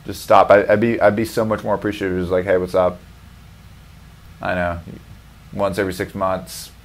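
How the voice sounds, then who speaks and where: A man's voice: deep voice, flat delivery, a little fast. A man hosting a comedy podcast, ranting in a profane, rambling way and laughing often. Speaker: podcast host. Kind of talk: casual comedic rant.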